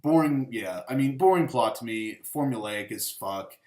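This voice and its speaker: A man's voice: medium pitch, animated, normal speed, a little mellow. A man hosting a casual film review, rambling through the plot with many fillers and profanity. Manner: rambling, profane, full of fillers, acts out quotes. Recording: echoey room.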